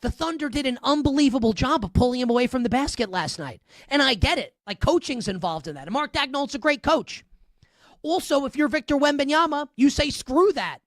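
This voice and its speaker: A woman's voice: high voice, fairly quick, no echo, clean studio sound. A woman hosting a sports talk radio show, giving opinionated, sarcastic, emphatic commentary. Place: radio studio.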